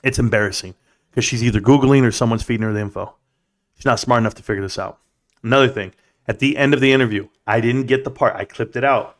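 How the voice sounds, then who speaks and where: A man hosting a casual livestream, ranting and mocking in an animated way as he reads viewer comments. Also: medium pitch, fast talker. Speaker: livestream host.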